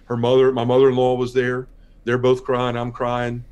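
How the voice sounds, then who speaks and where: A man giving a heartfelt personal testimony as a guest on a podcast, telling his story in an earnest, quiet way. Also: mid-range voice, completely flat delivery, moderate pace, clear, resonant tone, dull audio.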